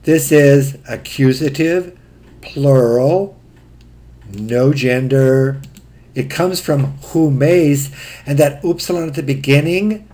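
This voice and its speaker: A male teacher works through Greek grammar in a recorded lecture. He speaks at an unhurried, deliberate pace. His voice sits at an average pitch, and he lays out each point methodically. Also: dark tone. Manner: slow, methodical explaining.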